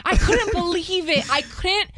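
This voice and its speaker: A woman hosting a radio show, telling a story with lively energy and acting out the people in it. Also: very high-pitched, unhurried, loud music behind the voice.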